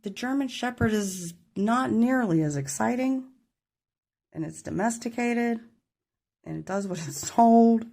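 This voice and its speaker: A tarot reader gives a casual reading to her camera, chatty and rambling, and apologizes whenever she gets tongue-tied. Her voice is on the high side with a dark tone and vocal fry, animated but unhurried. It is recorded on the camera's mic.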